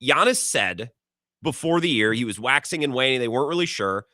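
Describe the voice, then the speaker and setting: A man hosting a sports talk radio show, chatting casually with callers in an animated, rambling way with quick restarts. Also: medium pitch, no room sound, studio quality.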